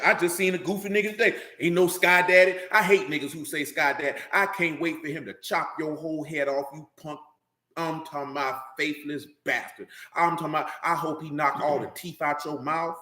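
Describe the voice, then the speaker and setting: A man's voice: a little high, a bit bright. Fiery slangy preacher man, echoey room. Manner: intense, slangy, confrontational. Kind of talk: fiery street-talk sermon.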